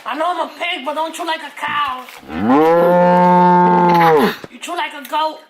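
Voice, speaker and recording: A woman voicing a cheeky, teasing pig puppet in a kids' puppet show, joking slowly. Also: high voice. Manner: teasing, jokey, slow drawl. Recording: echoey room with loud noise.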